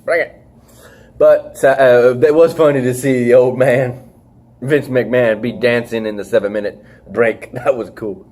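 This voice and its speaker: A man hosting a podcast in a loose, casual chatting style. His voice has a mid-range pitch, and he rambles along, padding his sentences with fillers and the odd swear word. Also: steady tone, unhurried, a little mellow. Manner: rambling, swearing, leans on "freaking". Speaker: podcast host. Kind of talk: casual wrestling review chat.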